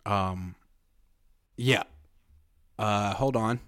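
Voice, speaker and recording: A man's voice: on the low side, very slow, fairly bright tone, smooth. A young adult man hosting a podcast in an easygoing casual way, reading viewer comments aloud. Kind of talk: casual chat.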